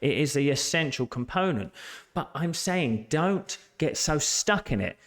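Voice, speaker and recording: Male life coach, a bit high-pitched, emphatic and earnest motivational delivery. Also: animated, a little slow, a bit bright. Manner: earnest, emphatic, repeats key phrases. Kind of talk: motivational talk to camera.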